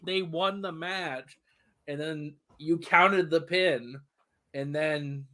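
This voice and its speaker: Male podcast co-host, slightly high voice, hesitant recaps. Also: a bit bright. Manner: recaps matches with many "um"s, amused disbelief. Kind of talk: casual match recap.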